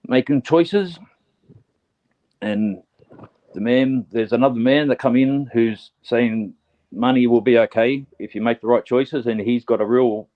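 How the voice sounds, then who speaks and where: A nervous man doing his first live psychic reading, gentle and halting, full of fillers and restarts. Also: medium pitch, narrow, tinny audio. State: nervous, first time on air. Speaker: psychic medium.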